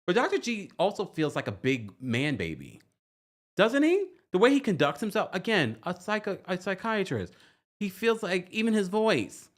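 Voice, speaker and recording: A man hosting a reality TV recap livestream, chatting casually, reading viewer comments and laughing often. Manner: animated, laughs often, jumps into high squeals. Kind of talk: casual livestream chat reading super chats.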